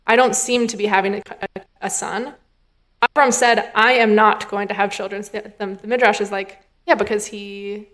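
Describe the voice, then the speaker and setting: A woman's voice: medium pitch, a bit bright. A woman, a rabbinic intern, giving a sermon in a casual, thinking-aloud way, acting out the dialogue she quotes. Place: synagogue sanctuary.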